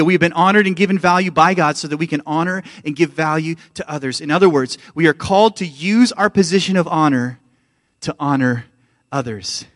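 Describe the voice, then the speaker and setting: Emphatic Canadian pastor preaching. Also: male voice, a little high, fairly bright tone, no room sound, clean studio sound. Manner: emphatic, calls out to the church. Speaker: lead pastor. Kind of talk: sermon.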